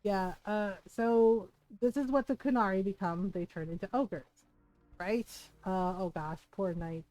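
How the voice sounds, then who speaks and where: Brief: giggly woman streamer, mid pitch, dry close sound. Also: unhurried, warm tone, dry recording, faint music behind, low-quality recording. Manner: chatty, giggly, rambling. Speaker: game streamer. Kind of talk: live gameplay commentary.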